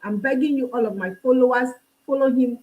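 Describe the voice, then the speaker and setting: A woman's voice: high-pitched, a little fast, narrow, tinny audio. A woman hosting a live online talk show, encouraging her guest and her followers. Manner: encouraging, frequent short affirmations. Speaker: host.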